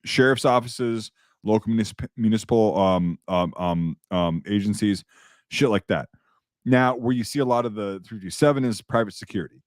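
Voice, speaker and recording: A man's voice: on the low side, moderate pace, no echo, clean studio sound. A man in casual chat as a podcast host, rambling and profane, with many restarts and fillers.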